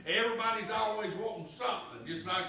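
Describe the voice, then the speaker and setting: A middle-aged man preaching a folksy sermon, swinging from loud proclamations to hushed personal storytelling. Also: high-pitched, a little fast, a little hiss or hum. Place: church sanctuary. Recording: echoey church from far off.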